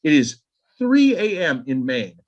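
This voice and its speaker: A podcast co-host with a slightly higher man's voice, chatting in a rambling, profane way. He moves quickly from story to aside and back. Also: very animated, muffled recording. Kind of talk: casual podcast chat.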